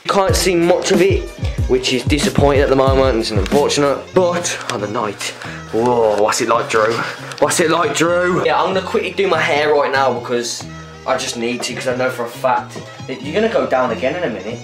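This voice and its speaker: A man's voice: mid-range voice, expressive, a little fast. A teenage man with a Birmingham accent, chatting casually and jokily in a home vlog. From Birmingham, England. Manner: chatty, jokey, bickering. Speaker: vlogger. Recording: roomy with music behind.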